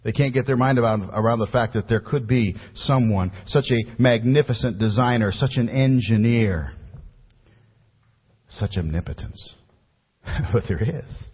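A man preaching a sermon as a pastor, building to emphatic peaks and then dropping low and quiet. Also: measured pace, breathy edge. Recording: muffled recording with long hall reverb.

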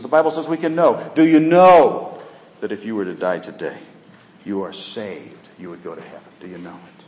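A middle-aged pastor preaches with passion, his low voice climbing on urgent appeals and then sinking almost to a whisper. It is a dull, muffled recording that rings through a big church hall, with faint noise underneath. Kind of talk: sermon. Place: church sanctuary.

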